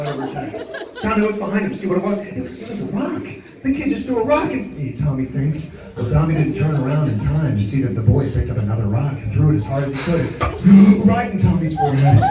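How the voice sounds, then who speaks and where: Male stage hypnotist, high voice, dramatic storyteller, taped from afar in a booming hall with crowd laughter. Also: distant mic. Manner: dramatic, animated storytelling with sudden shouts. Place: school event hall with an audience. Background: audience laughter.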